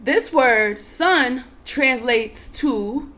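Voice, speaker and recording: With a high-sitting voice and drawn-out words, a woman guides her listeners through a spiritual monologue. She soothes and coaxes them, repeatedly telling them to breathe and calm down, then climbs to emphatic stresses.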